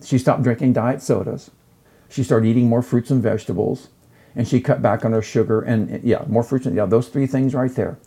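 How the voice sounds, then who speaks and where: A man's voice: mid-range voice, normal speed, slightly rough. A middle-aged man, a chef and lecturer, telling stories effusively in a casual conversation. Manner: effusive, animated storytelling.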